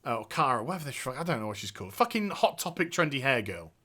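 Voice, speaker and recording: A man's voice: mid-range voice, very animated, fast, bright, forceful tone. A man giving an exasperated, sarcastic and profane game review rant.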